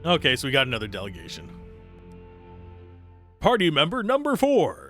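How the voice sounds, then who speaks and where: A man giving casual let's-play commentary as he plays, reading the game's text aloud. His voice is bright and animated, swinging widely in pitch. Faint music plays underneath. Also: moderate pace. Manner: reads on-screen game text aloud, swears casually.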